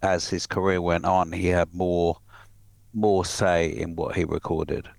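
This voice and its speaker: Man, very low pitch, gravelly, dry sound, wry on-air chat. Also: flat delivery, a little slow, darkish tone, dry recording.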